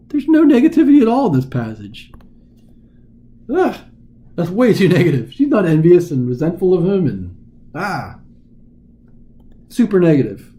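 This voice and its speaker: A man's voice: high voice, dark tone. A man tutoring as a test prep teacher in a casual recorded lesson, talking informally and dramatizing the text as he explains it.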